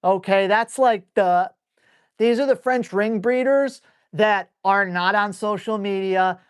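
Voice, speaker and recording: A blunt dog trainer answers viewer questions live, talking casually and roughly. This man scolds dogs out loud with playful toughness. His delivery is animated, swinging between quick bursts and slow, drawn-out phrases. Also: sits high. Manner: animated, switches between brisk and drawn-out speech. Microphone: live stream mic.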